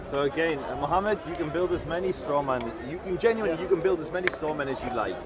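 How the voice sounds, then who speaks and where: A man's voice: fairly high pitch, fast. A man in a heated outdoor street debate, accusatory and leaning on numbers to make his case. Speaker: pro-Israel advocate. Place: outdoor public speaking park. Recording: outdoor recording with clear crowd noise.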